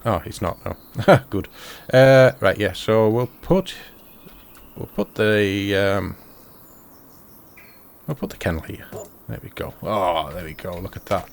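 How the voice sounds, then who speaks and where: In a lowish, creaky voice and at a slow pace, a man chats his way through a farming game, thinking aloud to himself. It's casual let's-play commentary.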